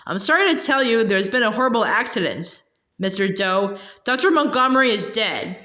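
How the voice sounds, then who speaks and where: A woman voicing a sly, scheming villain man in disguise, smooth and falsely polite, while reading a storybook aloud. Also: mid-range voice, lively intonation, normal speed, sharp tone, reverberant.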